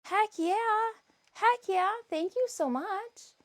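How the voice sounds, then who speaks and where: Chatty woman streamer with a lively, high voice. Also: takes it slowly. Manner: chatty, greets chat by name, grumbles at her cats. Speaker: live streamer. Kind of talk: casual live-stream chat.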